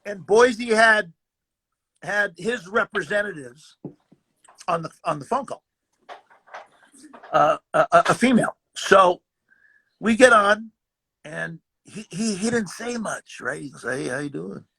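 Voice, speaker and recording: Gravelly older man telling stories. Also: sits high, takes it slowly, long pauses. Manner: animated, acts out dialogue, repeats words. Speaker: guest actor. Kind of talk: casual storytelling.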